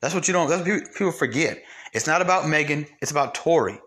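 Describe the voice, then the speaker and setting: A man's voice: on the high side, animated, fast talker, a bit bright. A young man hosting solo commentary, blunt and profane, ranting with mocked quotes. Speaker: commentary host.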